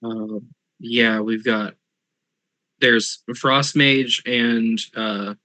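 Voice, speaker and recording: A man running a tabletop role-playing game as game master, relaxed and giggly as he calls for rolls. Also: mid-range voice, extremely slow, no room sound, rough recording.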